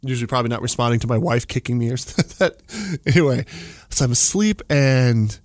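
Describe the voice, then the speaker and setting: A man's voice: medium pitch, fast, dry recording. A man in his forties telling a long story in a rambling, casual way, full of "like" and little chuckles, from a studio. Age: 40s.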